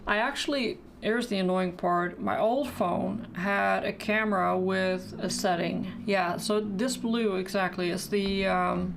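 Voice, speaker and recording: A woman's voice: medium pitch, gravelly, a little hiss or hum. A woman chatting casually during a live painting stream, thinking aloud and answering questions from the chat.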